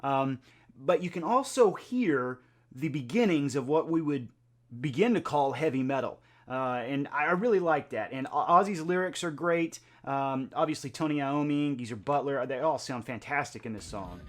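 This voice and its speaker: A man's voice: medium pitch, normal speed. A man hosting a music reaction video, talking in a chatty, conversational way with lots of filler words. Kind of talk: casual reaction video talk.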